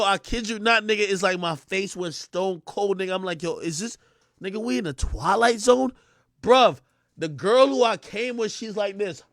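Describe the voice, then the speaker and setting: A young man telling a story on his livestream, excitable and loud, acting out the voices he quotes. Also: sits high, no room sound, studio quality. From Jamaica. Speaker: streamer.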